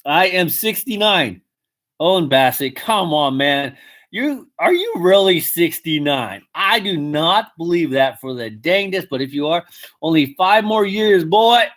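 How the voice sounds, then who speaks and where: Guy rambling on a live hat podcast, swears a lot, kinda high voice. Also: lively intonation, measured pace, a bit bright. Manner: rambling, swears casually, reads chat aloud. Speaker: podcast host. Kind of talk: casual live-stream chat.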